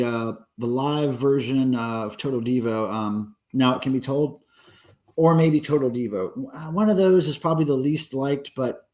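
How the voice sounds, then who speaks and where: A man hosting a casual livestream, rambling and answering viewer comments with lots of ums and uhs. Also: mid-range voice. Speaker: livestream host.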